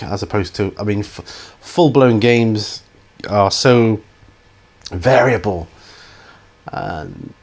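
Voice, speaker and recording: A middle-aged man with a somewhat low voice answers viewer questions on his hobby channel. He rambles and hesitates, restarting sentences and filling gaps with ums, in an easy, casual way. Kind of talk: casual Q&A chat.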